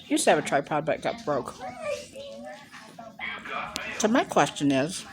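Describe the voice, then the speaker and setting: A woman's voice: low-pitched, sing-song, a little slow, music in the background. Chatty older woman rambling into her phone. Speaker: mukbang vlogger. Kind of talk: casual storytelling to camera. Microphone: handheld phone.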